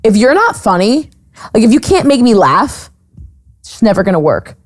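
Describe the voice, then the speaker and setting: A woman's voice: on the high side, big pitch swings, normal speed. Blunt young woman podcast host. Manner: blunt, laughs often, acts out quotes. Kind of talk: casual chat.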